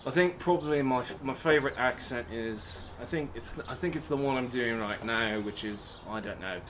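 A man's voice: mid-range voice, moderate pace, fairly bright tone, a little hiss or hum. A man, a podcast guest, chatting casually in a put-on Cockney accent and playing with voices.

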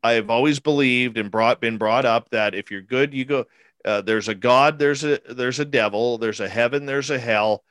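A man in his forties tells a personal story in an interview, stacking up emphatic repeated phrases and acting out what people said. His voice sits at an ordinary mid pitch. The recording is dry, with no room sound. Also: normal speed, a bit bright, no echo. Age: 40s. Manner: emphatic, repetitive, acts out quotes. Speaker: interviewee recounting an encounter.

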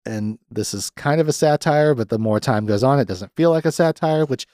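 A young man hosting a podcast, recapping a film in a rambling, profane, sardonic way and jumping into quick raised voices to mimic the characters. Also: mid-range voice, a little mellow, no echo, clean studio sound. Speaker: podcast host.

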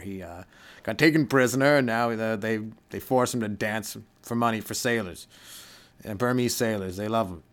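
A young stand-up comedian with a lowish voice rambles through a solo comedic rant on his own podcast, slipping into goofy voices for his bits.

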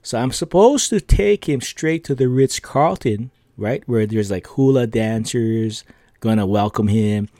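A man's voice: medium pitch, measured pace, warm tone, no room sound, studio quality. A man hosting a podcast, telling a casual story in a rambling way, with lots of fillers, tag questions and laughs between lines. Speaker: podcast host.

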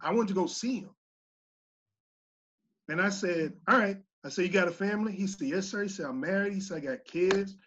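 A man's voice: high voice, fairly quick, lo-fi sound, slight background noise. A man, a former teacher, telling stories in a casual panel talk and acting out the voices he quotes. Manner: animated storyteller, acts out quoted voices loudly.

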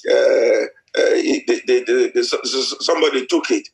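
A man's voice: mid-range voice, normal speed, vocal fry. A middle-aged man preaching a sermon, repeating himself with many hesitant restarts. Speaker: pastor. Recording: echoey church hall.

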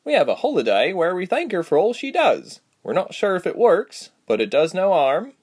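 A man's voice: high voice, huge pitch swings, normal speed, a little mellow, slightly rough, voice pushed up, heavily acted. An easygoing young villager, as a male narrator puts him on, explaining local lore in a plain, shrugging way. The voice sits a little above the narrator's own and rises into the lines. It belongs to a storybook reading. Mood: matter-of-fact.

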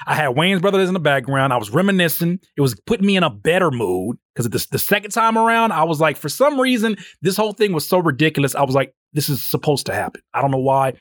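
Male podcast host, 30s, casual storyteller, pitch swings up a lot when he quotes himself, slightly high voice. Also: sing-song, fast talker, few pauses, a bit bright, dry recording, clean studio sound. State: sleep-deprived. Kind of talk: casual solo podcast monologue.

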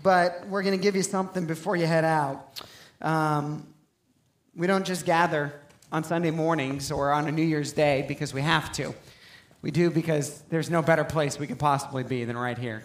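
Pastor in his 30s, man, high-pitched, chatty sermon delivery with restarts, recorded in an echoing church. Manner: conversational, self-interrupting preaching with asides. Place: church sanctuary.

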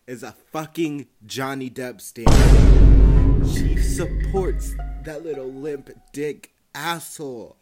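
Sassy, dramatic man dishing gossip. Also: a little high. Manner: dramatic, sassy, swears a lot. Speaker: host. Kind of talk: gossip commentary.

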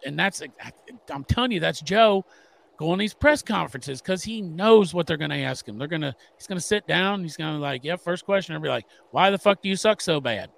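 A man's voice: on the high side, lively intonation, a little fast, creaky. A middle-aged man co-hosting a sports podcast, talking in an emphatic, profane, rambling way. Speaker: podcast co-host. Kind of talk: casual sports podcast chat.

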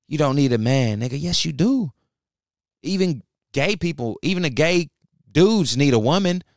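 A young podcast host rants solo, blunt and profane, heated, preachy and fired up. His voice is a little high, and the clean studio recording has no echo.

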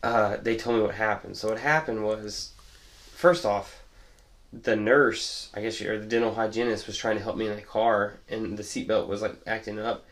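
A young podcast co-host tells stories in a laid-back, rambling chat, laughing frequently. His voice is on the low side and a bit bright, with fairly even intonation and a moderate pace.

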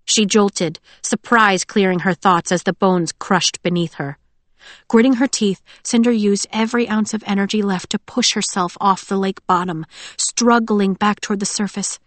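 A woman narrating a novel in a steady, even storytelling voice. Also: mid-range voice, normal speed, dry recording. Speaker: audiobook narrator. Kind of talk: scripted narration.

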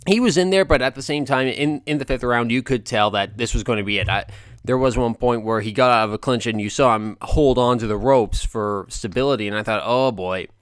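A man talking through a boxing fight in a casual, animated monologue with lots of filler words. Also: medium pitch, no echo, clean studio sound. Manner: animated, chatty, frequent fillers. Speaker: boxing commentator vlogger.

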